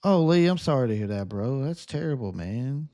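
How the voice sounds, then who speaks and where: A man with a Southern US accent chats with his viewers while he plays. His voice is sunny and relaxing, sitting at an ordinary middle pitch, and he talks in an upbeat, friendly way. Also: expressive, moderate pace, warm tone. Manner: upbeat, chatty, answers viewer comments. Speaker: gaming streamer. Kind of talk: casual live chat while gaming.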